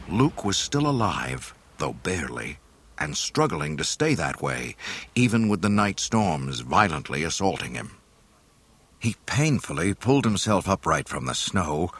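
A man reading a story aloud in an expressive, dramatic narration. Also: sits low, husky. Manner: expressive, voicing every character.

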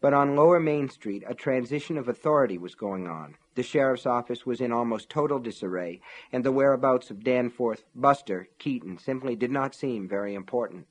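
Husky male audiobook narrator. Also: mid-range voice, lively intonation, fairly quick, few pauses.

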